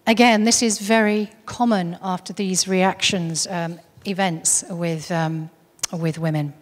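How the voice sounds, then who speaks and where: A woman's voice: fairly low pitch, fairly even intonation, slow pace, big-room sound. A woman giving a talk, earnestly recounting a case story with frequent restarts. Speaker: speaker on UFO contactees.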